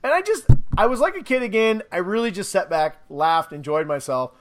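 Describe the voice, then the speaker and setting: A man co-hosting a podcast, excitedly rambling through a movie review in casual chat and laughing often. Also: sits high, fairly quick.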